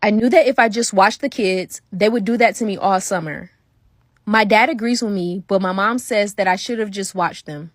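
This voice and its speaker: A woman reading a first-person story aloud in a steady, unhurried way. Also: medium pitch, no room sound, clean studio sound.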